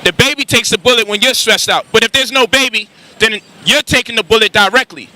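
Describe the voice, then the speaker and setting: Bright-voiced man lecturing on the street. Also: extremely high pitch, fairly quick, slight background noise, low-quality recording. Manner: crude, animated, asks the crowd rhetorical questions. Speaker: street speaker. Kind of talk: street lecture with crude banter. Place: outdoors on a city street.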